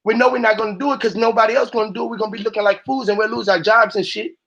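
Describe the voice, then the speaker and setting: Fired-up man ranting, high voice. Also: fairly even intonation, rapid-fire, vocal fry, fairly bright tone. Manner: profane, fired-up, preachy. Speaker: panel speaker. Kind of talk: heated rant on a live call-in panel.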